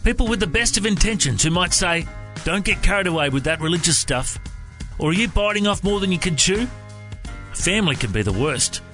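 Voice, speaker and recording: A man's voice: sits high, expressive, brisk, bright, forceful tone, soft background music. A man giving an earnest, preacherly short devotional on the radio.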